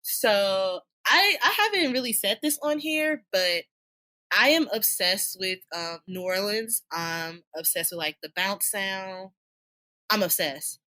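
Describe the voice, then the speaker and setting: Animated woman podcast co-host. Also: mid-range voice, slow pace. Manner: animated, slangy, laughs often. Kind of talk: casual chat.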